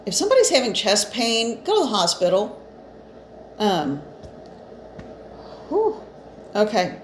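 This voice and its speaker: A woman's voice: mid-range voice, wildly swooping pitch, unhurried. A woman giving a casual spiritual card reading, chatty and reassuring, with fillers and restarts, a bit short of breath. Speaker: psychic reader. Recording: echoey room, faint ambient noise.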